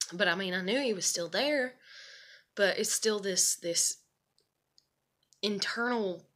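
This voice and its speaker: A woman's voice: medium pitch, lively intonation, slow, long pauses, bright, forceful tone. A woman telling a personal story in a casual, rambling, candid way, swearing and filling with "you know" and "like".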